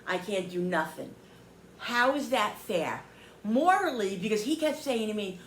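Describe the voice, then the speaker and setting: A woman vlogger casually retelling a frustrating phone call, animated and heated, quoting both sides. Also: medium pitch, measured pace, echoey room, a little hiss or hum. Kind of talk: casual storytelling to camera.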